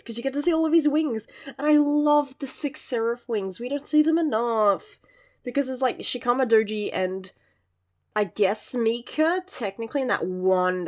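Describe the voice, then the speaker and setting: A young woman reviewing a manga chapter in casual chat, gushing and giggling often, with lively asides. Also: a little high.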